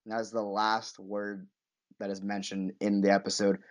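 A man on a casual podcast, excitedly recapping a TV episode and acting out lines in high voices. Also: normal speed. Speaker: podcast co-host.

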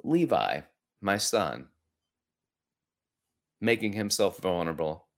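A man's voice: sits low, sing-song, slow. A middle-aged man hosting a podcast, telling a personal story in an earnest, reflective way with frequent restarts. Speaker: podcast host. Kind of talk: personal story and coaching talk.

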